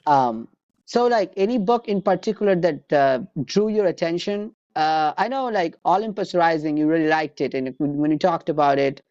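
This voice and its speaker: A man's voice: a little high, moderate pace, a little mellow, no room sound, dull audio. A man hosting a casual podcast chat, agreeable and hesitant, with lots of "you know". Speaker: podcast host. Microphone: remote call mic.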